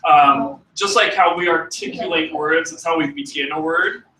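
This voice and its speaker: A man's voice: fairly high pitch, bright, forceful tone, roomy sound, recorded from a distance, low-quality recording. A man teaching a music class to students, talking casually with fillers and false starts. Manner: casual, halting, with many fillers. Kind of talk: classroom demonstration.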